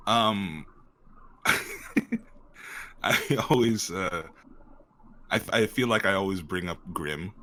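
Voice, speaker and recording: A man's voice: low voice, takes it slowly, pauses often, a bit bright. A man being interviewed as an actor guest, talking in a rambling, casual way with many fillers and frequent laughter.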